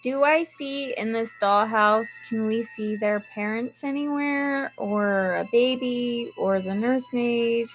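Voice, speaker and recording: A woman playing a tabletop game, asking quick, curious questions. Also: on the high side, faint music behind. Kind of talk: casual game chat.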